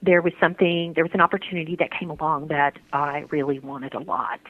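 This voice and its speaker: A woman interviewee talking earnestly about her faith, halting and restarting often. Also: low voice, steady tone. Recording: tinny phone-line sound, dry.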